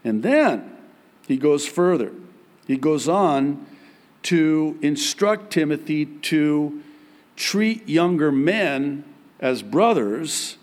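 A pastor in his forties preaching a sermon in a church, emphatic and joking, with big swings in pitch. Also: animated, drawn-out words.

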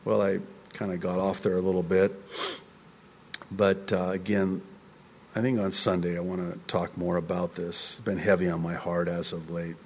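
A pastor giving a conversational sermon, rambling with restarts and sudden jumps in pitch. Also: male voice, monotone, normal speed, darkish tone, long reverb tail, a little hiss or hum.

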